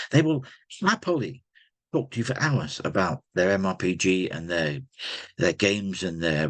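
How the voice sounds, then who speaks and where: A man's voice: fairly low pitch, slightly rough. A man hosting a podcast, talking bluntly and emphatically in a personal monologue. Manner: blunt, emphatic, repeats himself. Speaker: podcast host.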